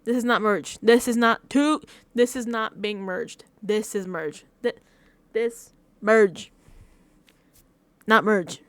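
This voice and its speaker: A young woman recapping a reality show in a casual, animated rant, using a lot of filler and often laughing at her own exasperation. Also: mid-range voice, slow pace, pauses often, no echo. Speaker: vlogger reacting to a reality show.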